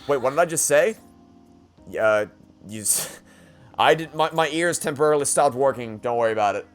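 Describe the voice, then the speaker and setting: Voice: mid-range voice, normal speed, faint music behind. A let's play gamer giving emotional commentary, stammering often, getting exasperated and swearing.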